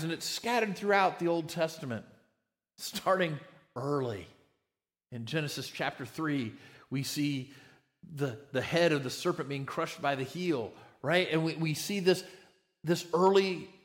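Male pastor, slightly higher voice, emphatic sermon delivery with stumbling restarts. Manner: emphatic, repeats words when starting phrases.

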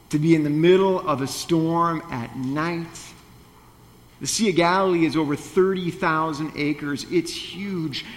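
A man's voice: a little high, long reverb tail, a little hiss or hum. A male pastor delivering a sermon in a conversational, playful way, with wry asides.

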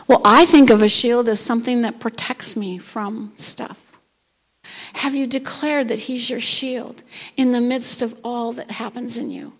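Woman pastor preaching in church, high voice, reads verses then declares them loud. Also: fairly even intonation, a little slow. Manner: preaching with rising declarations of scripture. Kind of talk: sermon. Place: church sanctuary.

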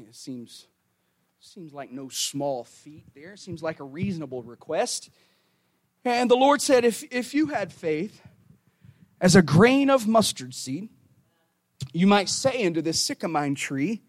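High-voiced man preaching with dramatic swings. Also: no echo, clean studio sound. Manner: rises to shouting emphasis, drops to near whispers; conversational asides, repeats words. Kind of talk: sermon.

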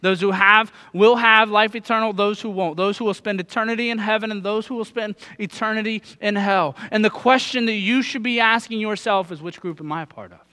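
A man's voice: sits high, steady tone, brisk, hardly any pauses, pushed and bright. A man in his thirties preaching a sermon, earnest and putting direct questions to his listeners. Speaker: pastor.

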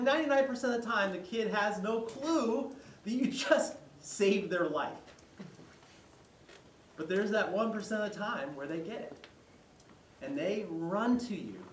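Animated man preaching in an echoey hall. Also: high-pitched, a little hiss or hum. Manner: conversational, animated retelling with quoted voices. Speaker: pastor. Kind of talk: sermon. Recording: echoey hall, mic far off.

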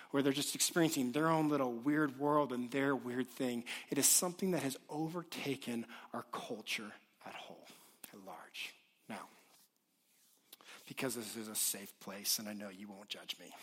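A man in his late thirties preaching a sermon, telling a personal story in an animated, self-deprecating way. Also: medium pitch. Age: late 30s. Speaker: pastor. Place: church auditorium with congregation.

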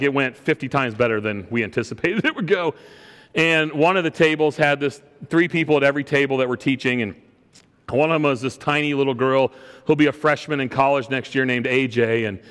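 In a church sanctuary with a long hall reverb, a middle-aged pastor preaches a sermon and earnestly recounts a personal story. His mid-range voice is clear, resonant and fairly bright, and he often repeats words as he begins a phrase.

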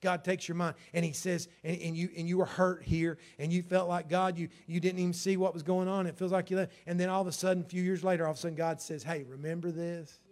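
A man preaching a fervent sermon as pastor, swinging from hushed lines to loud emphatic ones. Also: high-pitched, flat delivery, quick pace, hardly any pauses.

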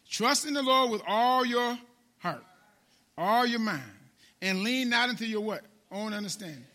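A man preaching a sermon in call-and-response style. He repeats his phrases and swings between loud and soft. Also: very high voice, takes it slowly, pauses often.

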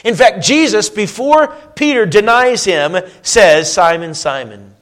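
Guy preaching a sermon, kinda high voice, asks the crowd lots of questions. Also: very animated, measured pace. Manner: swings between loud emphatic lines and soft low quoting; asks the congregation rhetorical questions.

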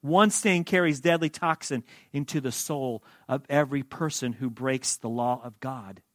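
A man preaching a sermon, shifting between loud emphatic lines and quiet asides. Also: mid-range voice, normal speed, dry recording, clean studio sound. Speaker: pastor.

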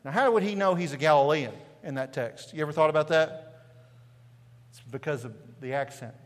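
A pastor from East Tennessee with a Southern Appalachian accent preaches a sermon in a church sanctuary, his voice slightly high and slightly quick, echoing through a large hall. His style is conversational, studded with rhetorical questions and a frequent "right?"

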